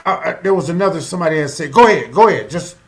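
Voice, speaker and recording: A man's voice: on the high side, expressive, very fast. A man hosting a casual livestream chat, laid-back with short reactions and fillers.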